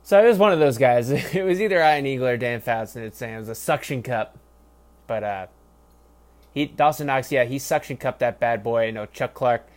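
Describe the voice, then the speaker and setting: A young man reviews a football game on his own, cursing freely and mocking the announcers. He rambles, gets loud in bursts, then drops to low mutters. His voice sits at an average pitch for a man. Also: animated, moderate pace. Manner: profane, rambling, mocking, swings from loud to mumbled. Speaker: sports podcast host. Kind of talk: casual solo game review rant.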